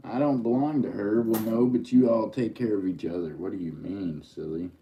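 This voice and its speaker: A man's voice: lowish voice, normal speed, muffled recording, slight background noise. A middle-aged man, hosting a livestream and teasing his chat in a joking, easygoing drawl. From Oklahoma. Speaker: livestream host.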